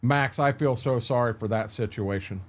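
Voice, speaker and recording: A middle-aged man, hosting a casual livestream from home. He tells candid, meandering stories, often restarting his sentences, and answers his viewers by name. His voice sits in an ordinary middle pitch. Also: normal speed. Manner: rambling, candid storytelling, frequent restarts, answers chat by name. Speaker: livestream host.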